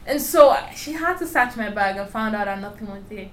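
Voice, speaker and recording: Animated young woman with a strong accent. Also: fairly high pitch, brisk, few pauses. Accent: foreign. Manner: animated, emphatic storytelling. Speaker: interviewee. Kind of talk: candid conversational interview. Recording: roomy echo with faint ambience.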